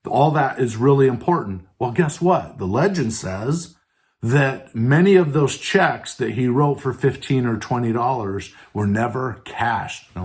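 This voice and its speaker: A man's voice: mid-range voice, darkish tone. A man hosting a podcast and giving an earnest motivational talk on leadership, asking the listener questions and often adding "right?" and "and so forth". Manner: earnest, stresses words by tone, asks listeners questions; many fillers like "right?" and "and so forth". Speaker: podcast host.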